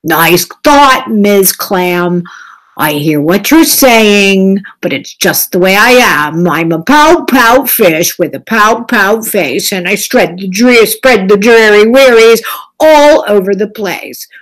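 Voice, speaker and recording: A woman's voice: medium pitch, lively intonation, slow, poor audio. A woman voicing a glum, gloomy male fish who chants his gloom in a sing-song and sobs out his blubs.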